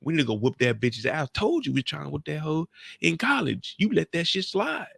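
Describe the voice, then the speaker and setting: A rowdy tipsy woman, loud-mouthed and pushy, spoiling for a brawl, as a man puts her on for a comic video recap. Her voice rings bright and close, with no room around it. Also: a little high, sing-song, a little fast, gravelly, breathy edge, dry recording, exaggerated voice. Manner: brash, pushy, profane. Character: rowdy tipsy grown woman itching for a fight.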